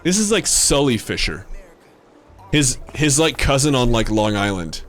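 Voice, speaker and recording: Streaming a game, a young man chats casually in a sing-song, medium-pitched voice at a measured pace. His gameplay commentary is full of joking, rambling asides, with some swearing.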